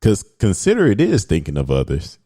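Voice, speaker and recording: A young man co-hosting a podcast, talking things through slowly and reflectively. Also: low voice, wildly swooping pitch, breathy edge. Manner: slow, reflective, thinking out loud. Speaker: podcast co-host. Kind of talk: casual chat.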